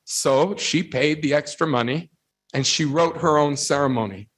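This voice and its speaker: A man's voice: fairly high pitch, moderate pace. A man giving a storytelling devotional talk to young people. He acts out the voices in his anecdotes and builds his point through rhetorical questions and emphatic repetition. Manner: animated storyteller who acts out quoted voices. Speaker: youth speaker.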